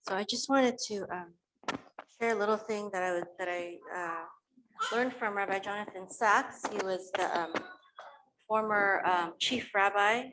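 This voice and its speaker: A woman's voice: mid-range voice, measured pace. Hesitant woman, noisy recording. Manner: hesitant, many fillers. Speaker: congregation member sharing a teaching. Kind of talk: informal sermon talk.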